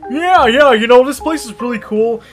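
High-voiced, excitable man. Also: moderate pace, faint music behind. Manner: excitable, insistent, stumbling. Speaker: podcast co-host. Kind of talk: improvised comedy skit.

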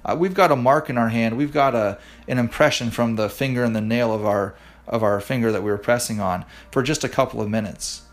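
A man's voice: medium pitch, a little fast, faint music behind. A man preaching a devotional podcast sermon, earnestly guiding listeners through a hands-on exercise, often restarting his words. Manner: frequent restarts and repeated words. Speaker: pastor. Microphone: podcast microphone.

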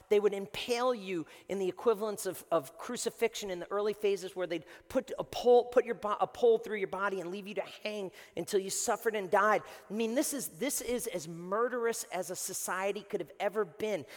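Guy pastor preaching, high voice, chatty and emphatic, big echoey church hall. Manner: animated, conversational, emphatic with frequent restarts. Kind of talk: sermon. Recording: long reverb in a large hall.

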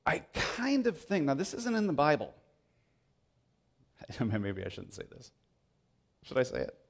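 A man preaching a sermon, telling the story with animated swings between loud bursts and hushed moments. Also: mid-range voice, unhurried, gravelly, breathy edge. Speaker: pastor.

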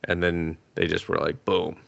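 A low, gravelly man chats loosely about shows on a podcast. He jumps between thoughts, swears freely and chuckles as he goes. His voice has a rough fry to it. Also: moderate pace, fairly bright tone, lo-fi sound. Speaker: podcast co-host. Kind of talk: casual anime review chat.

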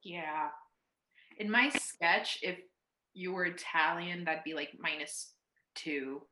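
A woman's voice: on the low side, slow, pushed and bright. A young woman co-hosting a podcast, trading dry, joking remarks in casual chat. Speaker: podcast co-host. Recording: roomy echo.

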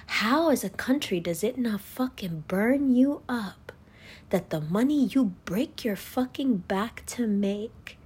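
Brief: a woman with a high voice who speaks deliberately, profane and scornful in a political rant to camera. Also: a little mellow, husky. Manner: profane, scornful, lecturing the viewer directly. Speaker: political commentator.

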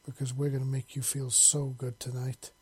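Man voicing a soft-purring alien woman. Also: mid-range voice, monotone, normal speed, slightly rough, close to an everyday voice. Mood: soft, tender. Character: gentle alien woman with mandibles and tusks.

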